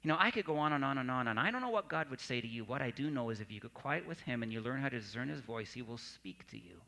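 A man preaching a sermon in an earnest way, often dropping his voice soft for emphasis. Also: mid-range voice, animated, quick pace, creaky. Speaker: pastor.

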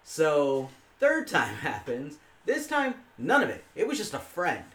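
A man's voice: fairly high pitch, huge pitch swings, unhurried, a bit bright, reverberant. A young man telling crude, profane stories in a casual chat among friends. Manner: crude storytelling, heavy swearing.

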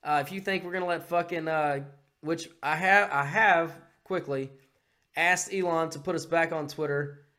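A man hosting a podcast in a casual, profane, excitable chat who bursts into shouts. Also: on the high side, normal speed. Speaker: podcast host.

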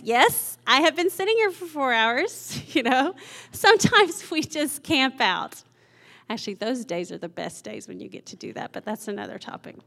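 A woman preaching a sermon in a conversational way, often laughing and asking the audience questions. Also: on the high side.

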